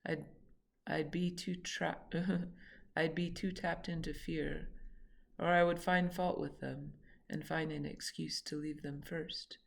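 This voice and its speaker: Creaky-voiced woman reading her memoir. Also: deep voice, fairly even intonation. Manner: reflective, halting, self-correcting.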